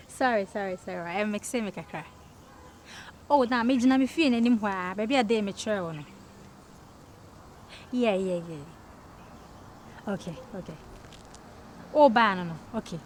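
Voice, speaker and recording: A woman's voice: medium pitch, a little hiss or hum, natural voice. An actress with a Ghanaian accent playing a chatty young woman who giggles through a phone call in a comedy film.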